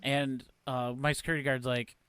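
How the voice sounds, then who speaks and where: A man co-hosting a podcast recounts an incident in casual chat, moving through it step by step. His voice is smooth and clear, at a middle pitch. The sound is dry and close. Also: little pitch movement, normal speed, a bit bright, dry recording. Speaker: podcast co-host.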